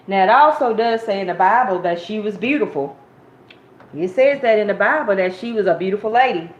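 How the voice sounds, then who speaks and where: Kobieta głosząca kazanie, przytłumione nagranie w pogłosie. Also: female voice, mid-range voice, expressive, fairly quick. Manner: conversational, addresses listeners as y'all, acts out quotes. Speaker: preacher sharing a Bible story. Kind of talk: informal sermon, storytelling. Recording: muffled, roomy, faint hiss.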